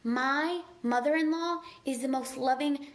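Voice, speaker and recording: A woman's voice: high voice, measured pace. A woman giving an earnest, conversational motivational talk on a live stream, gushing and chatty and filling her speech with "like.". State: tearful at times. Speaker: motivational speaker.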